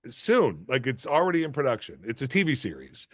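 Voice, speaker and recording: A man's voice: medium pitch, brisk, no room sound, studio quality. Middle-aged man telling self-deprecating stories. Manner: animated, self-deprecating anecdotes with many restarts. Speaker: actor and guest. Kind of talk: casual interview storytelling.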